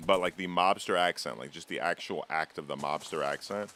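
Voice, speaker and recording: Deep voiced guy streaming a game, rambling and teasing his chat, swears a lot. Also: brisk, few pauses, sharp tone, a little hiss or hum. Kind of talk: casual live-stream chat while gaming.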